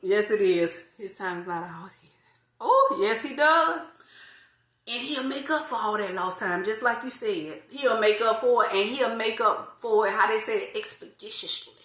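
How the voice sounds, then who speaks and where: A woman in her forties hosting a casual faith talk, lively, laughing often and drawing out some phrases. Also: fairly high pitch, unhurried, echoey room. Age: 40s. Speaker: host of an online faith talk.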